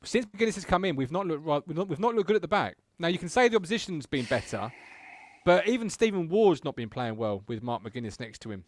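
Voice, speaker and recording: A man's voice: fairly high pitch, big pitch swings, fast, dry recording. A man hosting a fan football show, teasing callers and swearing casually. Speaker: host.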